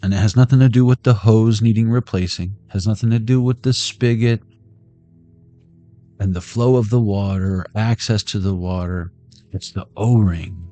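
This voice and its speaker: Male tarot reader, lowish voice, joking and tangential, faint music underneath. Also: fairly even intonation, moderate pace, dark tone. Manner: jokey, tangential, talks to viewers. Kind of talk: casual rambling tarot reading.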